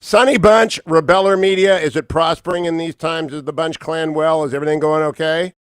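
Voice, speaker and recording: A man's voice: fairly high pitch, fairly even intonation, fairly quick, clean tone, no room sound, clean studio sound. Jovial male radio talk host. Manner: jovial, teasing. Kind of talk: casual radio banter. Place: radio studio.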